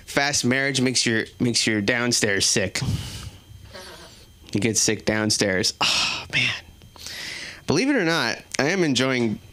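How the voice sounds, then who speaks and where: A man's voice: medium pitch, bright, forceful tone. A man doing a stand-up set in a small comedy club, self-deprecating and chatting with the crowd.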